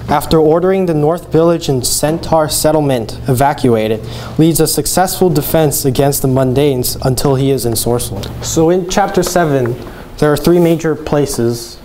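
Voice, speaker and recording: A teenage boy with a slightly high voice teaching vocabulary to a class. He says each word slowly and carefully, like a student playing teacher. Faint background noise sits under the recording. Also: darkish tone. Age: teens. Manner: careful, deliberate enunciation. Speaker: student presenter.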